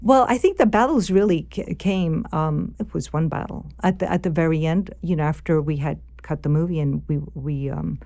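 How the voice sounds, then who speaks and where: A middle-aged woman who directs films, talking casually with many restarts and fillers that turn animated as she goes. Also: sits low, normal speed, creaky, hardly any pauses, no echo, studio quality. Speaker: film director. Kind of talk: casual conversation about filmmaking.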